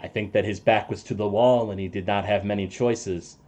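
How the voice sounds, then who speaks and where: A man voicing a weary adventurer who speaks low, quiet and solemn. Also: steady tone, moderate pace, natural voice. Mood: somber. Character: weary adventurer man, grave and soft-spoken.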